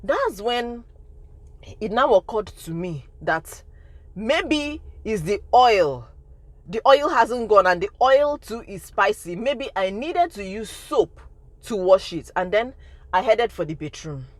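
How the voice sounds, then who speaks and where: A woman's voice: medium pitch, very animated, slow, no room sound. A woman in her thirties with a Nigerian accent, telling a storytime testimony in an emphatic way that repeats phrases for effect. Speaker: vlogger.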